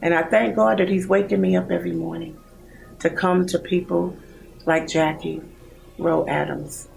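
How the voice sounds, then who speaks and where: A woman in her sixties, a bereaved mother giving a heartfelt, halting personal testimony. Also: lowish voice, fairly even intonation, vocal fry, darkish tone, soft background music, low-quality recording. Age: 60s. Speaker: bereaved mother in a support program.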